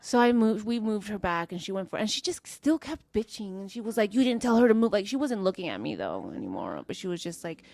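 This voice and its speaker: A woman's voice: medium pitch, very animated, a little fast, creaky, hardly any pauses, darkish tone. A woman co-hosting a podcast, telling a story in a casual, frank way, with lots of fillers and swearing. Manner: frank and profane, with many fillers. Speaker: podcast co-host.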